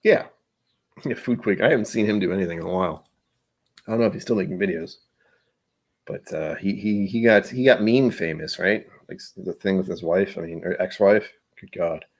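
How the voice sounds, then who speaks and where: Low-voiced man rambling on a stream. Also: fairly quick. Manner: rambling, chatty, trails off into quiet asides. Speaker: livestream host. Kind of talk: casual livestream chat.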